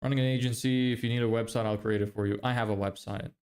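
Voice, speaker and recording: A man's voice: medium pitch, fairly even intonation, fast, darkish tone. A young man chatting casually on a livestream, reading viewer messages, swearing and laughing often. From Ireland. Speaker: livestreamer and agency owner.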